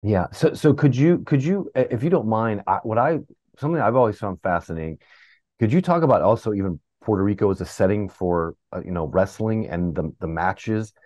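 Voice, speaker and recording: A man's voice: fairly low pitch, animated, a little fast, a little mellow, dry recording. A man co-hosting a podcast, asking long, hedging questions with many restarts. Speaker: podcast co-host. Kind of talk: casual interview questions. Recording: dry, dull lo-fi mic.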